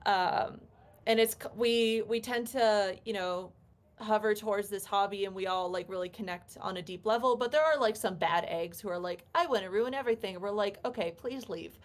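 This young adult woman, interviewed as a cosplayer, talks casually and chattily, dropping "like" and "um" throughout her answers. Her voice sits at medium pitch and moves at normal speed.

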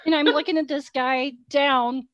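A woman, co-hosting a podcast and telling an animated story, laughing as she goes. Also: sits high, unhurried, no echo, muffled recording. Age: 40s. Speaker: podcast co-host. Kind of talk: casual storytelling chat.

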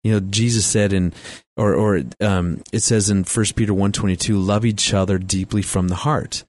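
A middle-aged man speaks about marriage and family, telling stories with faith references in a chatty way, laughing often and restarting sentences. His voice is on the low side and steady, at a normal speed.

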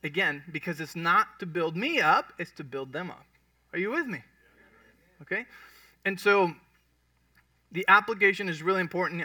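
Man, pastor, sermon, high bright voice, heard dry from a distance. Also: expressive, moderate pace, long pauses, no echo. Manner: conversational, checks in with the congregation. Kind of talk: sermon teaching.

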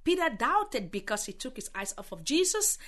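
A woman preaches with impassioned, exhorting fervor, leaning hard on key words. Her fairly high voice swoops and climbs with lively energy as she urges her listeners on. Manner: impassioned, exhorting, with emphatic drawn-out stresses. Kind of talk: sermon.

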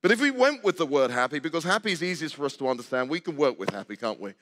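A man's voice: on the high side, very animated, racing, fairly bright tone. An older male preacher giving a conversational sermon in a church, asking the congregation questions and joking with them. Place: church sanctuary. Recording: long hall reverb.

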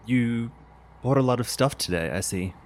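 A man with an Australian accent playing a worried mother who probes gently with soft, halting words. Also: medium pitch, expressive, slight background noise, pitched above the performer's own voice, close to an everyday voice. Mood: concerned. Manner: soft, measured, hesitant restarts. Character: worried middle-aged mother, gently probing.

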